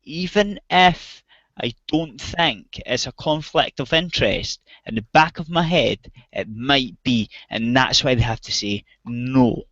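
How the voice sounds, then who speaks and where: A man's voice: medium pitch, lively intonation, unhurried, fairly bright tone, dry recording. A man from outside the US, ranting angrily and swearing heavily in a casual chat. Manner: angry, heavy swearing, ranting. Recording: dull, dry voice-chat audio.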